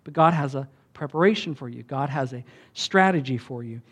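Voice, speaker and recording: A man's voice: mid-range voice, a little fast, fairly bright tone, breathy edge. A male pastor, preaching a sermon in a folksy, conversational way and asking the crowd rhetorical questions.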